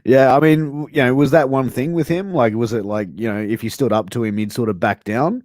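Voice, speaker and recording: A male podcast host chats with his guest, agreeing readily and hedging his remarks with fillers. His voice is of middling pitch. The sound is dry, with no room echo. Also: brisk, a little mellow. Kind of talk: casual interview.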